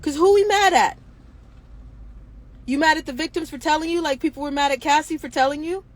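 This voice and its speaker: A woman's voice: sits high, brisk. A woman hosting her own show, speaking in an impassioned monologue full of indignant rhetorical questions. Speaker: show host.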